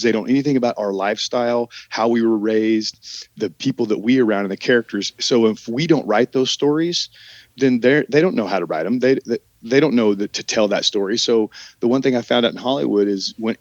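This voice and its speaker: A man's voice: lowish voice, dry recording, lo-fi sound. A man with a Southern American drawl, an actor guest talking in a casual podcast interview, rambling with many restarts and trailing sentences.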